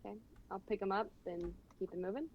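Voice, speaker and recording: A woman playing a tabletop game, brisk and playful as she acts. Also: mid-range voice, muffled recording. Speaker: player. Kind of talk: casual tabletop play.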